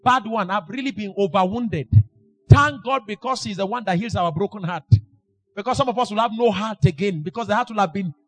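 Guy preaching, high voice, sing-songy and loud, shouts a lot. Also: brisk, faint music behind. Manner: booming, sing-song preaching with sudden shouts. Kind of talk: sermon.

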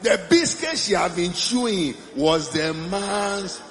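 A young man, preaching a storytelling sermon, animated and rising into shouts and song in a church. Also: sits high, slow pace, in a large hall, slight background noise. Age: young adult. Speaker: pastor.

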